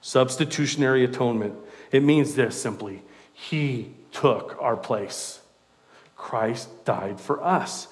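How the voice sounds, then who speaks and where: A male preacher gives a sermon in a middle-pitched voice, speaking slowly. His delivery is conversational and animated, and he interrupts himself with self-deprecating asides.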